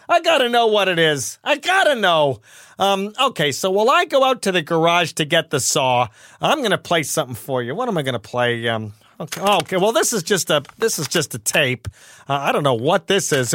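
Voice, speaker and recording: Excitable goofy male comedy host. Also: sits high. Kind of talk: scripted comedy hosting.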